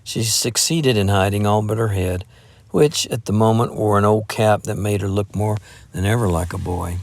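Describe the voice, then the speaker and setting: A man narrating an audiobook in a steady, measured way. His voice sits on the lower side. He reads the story through at an even storytelling pace. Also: dry recording. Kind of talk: scripted narration.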